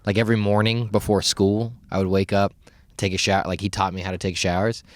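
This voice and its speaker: Laid-back low-voiced man. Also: little pitch movement, quick pace, dry recording, studio quality. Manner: laid-back, laughs often, short replies. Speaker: podcast co-host. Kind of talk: casual chat.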